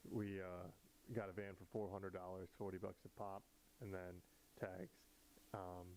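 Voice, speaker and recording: Rambling young man with a low voice. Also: little pitch movement, unhurried, a little mellow, a little hiss or hum, rough recording. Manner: rambling, hesitant, many fillers. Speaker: podcast host. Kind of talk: casual home podcast chat. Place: indoors in a small apartment. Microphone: home DIY setup.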